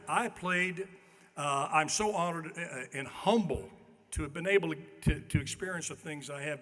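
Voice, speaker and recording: With long reverb from the banquet hall around him, an older man accepts an award at a podium microphone, telling self-deprecating, folksy after-dinner stories. He speaks on the high side with a sharp tone.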